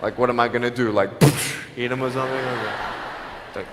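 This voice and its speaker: A man giving a motivational speech to students, telling stories with humor and swinging between loud and soft. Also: mid-range voice, steady tone, a little fast, very noisy. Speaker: motivational speaker. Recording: long hall reverb.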